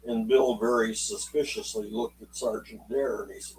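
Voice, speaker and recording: A man telling a true story aloud in an unhurried, folksy way, voicing the people in it as he goes. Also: lowish voice, fairly even intonation, vocal fry, darkish tone, far from the mic, slight background noise, rough recording. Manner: unhurried, folksy, acts out quotes in dialogue. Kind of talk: spoken oral storytelling.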